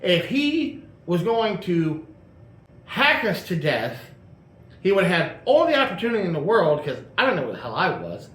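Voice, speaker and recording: Huge pitch swings mark this high-pitched, fairly bright male voice, which moves at a moderate pace. The host rambles casually through a long personal story about a car, full of fillers and false starts, with echo and faint ambience around him.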